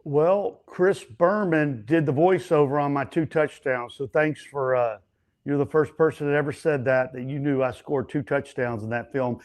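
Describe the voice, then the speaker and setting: A stuntman and actor telling set stories as an interview guest, animated and chatty, acting out other people's lines. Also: mid-range voice, normal speed. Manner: frequent fillers and restarts. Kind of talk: casual storytelling interview.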